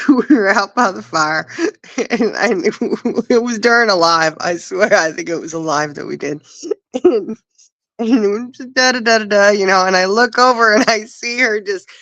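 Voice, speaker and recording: A woman co-hosts a casual livestream chat, a giggly storyteller who laughs often. Her medium-pitched voice is fairly bright and at normal speed. The recording is low quality, with no room sound.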